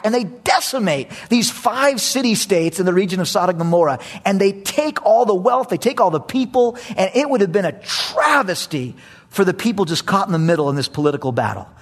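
A man preaching a sermon, telling a story with animated energy and repeating phrases for emphasis. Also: high voice, brisk.

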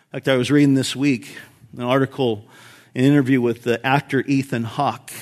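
A man's voice: medium pitch, steady tone, normal speed, a little mellow. A middle-aged male pastor preaching an expository sermon, swelling and dropping his volume for emphasis.

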